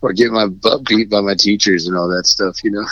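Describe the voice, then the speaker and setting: Deep, bright-toned laughing man. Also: steady tone, fairly quick, no room sound, muffled recording. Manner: self-deprecating, laughs through stories. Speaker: musician guest. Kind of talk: casual chat.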